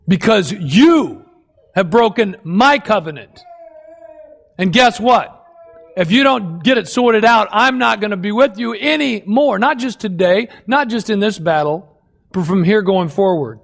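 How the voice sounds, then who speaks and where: A man voicing God giving a stern warning, slow and firm. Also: sits high, animated, vocal fry, exaggerated voice.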